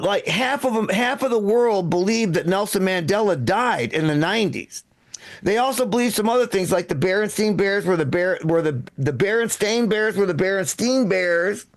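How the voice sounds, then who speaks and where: Rambling, profane stand-up comic man. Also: high voice. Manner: rambling, profane, self-interrupting delivery. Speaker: stand-up comedian. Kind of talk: stand-up set. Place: live comedy stream with echo. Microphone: own microphone.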